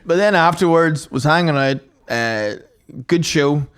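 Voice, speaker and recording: A man's voice: on the high side, a little slow, a bit bright, clear, resonant tone. A man co-hosting a podcast, telling a long anecdote in casual chat and swearing often. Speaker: podcast co-host.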